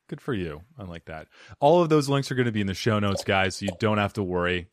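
A man's voice: fairly low pitch, a little fast, no room sound, studio quality. A young man hosting a podcast, goofy and enthusiastic in casual chat. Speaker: podcast host.

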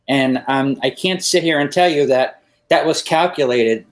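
A man's voice: medium pitch, normal speed, few pauses, poor audio. A man, a pianist guest, talking with enthusiasm on a podcast, often restarting his sentences. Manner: enthusiastic, frequent stammered restarts. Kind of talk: conversational podcast interview.

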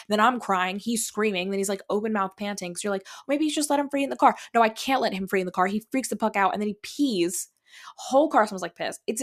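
A young woman hosting a podcast, telling a story in a casual, profane, dramatic way. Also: medium pitch. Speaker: podcast host.

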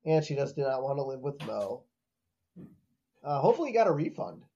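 A man's voice: mid-range voice, a little fast, highs cut off, slight background noise. A man co-hosting a podcast, chatting casually and incredulously as he recaps an episode, with lots of "like" and "uh". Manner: animated, incredulous, many fillers. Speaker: podcast co-host.

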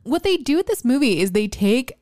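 A woman's voice: a little high, very animated, fairly quick, a little mellow, dry recording, studio quality. Chatty young woman podcaster. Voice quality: chatty, many "like" fillers, enthusiastic. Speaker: podcast co-host. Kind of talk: casual film chat.

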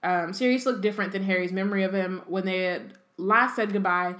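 A woman with a mid-range voice talks in a relaxed, slangy way. Her voice carries a noticeable room echo. She reads aloud at an unhurried pace. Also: mid-range voice. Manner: laid-back, laughs easily, slangy. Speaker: podcast co-host. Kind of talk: casual chat.

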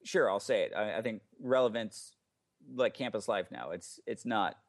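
A man's voice: on the low side, lively intonation, normal speed. Chatty man rambling on a podcast. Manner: rambling, lots of "like" and restarts. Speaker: podcast guest, ministry founder. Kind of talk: casual podcast conversation.

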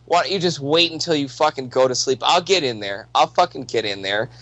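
A man's voice: mid-range voice, a little fast, a bit bright, dry recording, voice pushed down. A man quoting a drunk, aggressive neighbor who taunts and threatens in a mocking, hostile voice. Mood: menacing.

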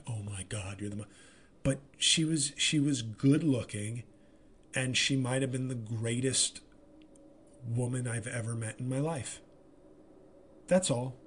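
A man hosting a podcast, telling a comic story in an animated, profane, rambling way. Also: mid-range voice, slight background noise. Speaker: comedian and podcast host. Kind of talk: casual comedic monologue.

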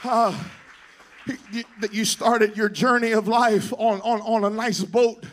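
A man preaching a sermon in a shouting, half-singing cadence, calling out to the congregation. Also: high-pitched, steady tone, unhurried. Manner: calls out to the congregation.

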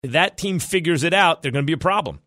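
A man hosting a sports talk radio show, arguing his opinions in a fast, animated, self-correcting way. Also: a little high, no echo, clean studio sound.

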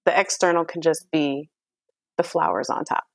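A woman's voice: sits low, normal speed, vocal fry, no room sound. Frank, plain-spoken woman guest. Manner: frank, earnest, plain-spoken with slangy asides. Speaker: podcast guest. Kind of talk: candid casual conversation.

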